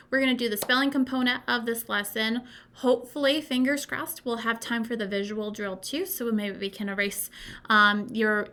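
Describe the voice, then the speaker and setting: A woman teaching a phonics lesson to young students at a whiteboard, sounding out words slowly and patiently. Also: fairly high pitch, pushed and bright. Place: classroom at a whiteboard.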